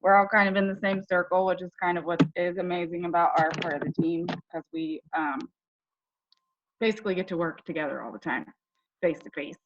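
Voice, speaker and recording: A woman's voice: fairly low pitch, fairly even intonation, brisk, dull audio, slight background noise. A woman from Ohio telling her personal story on a team call, chatty and emotional, with many fillers. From Ohio, United States. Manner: tearful, chatty, full of fillers. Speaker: direct sales team member.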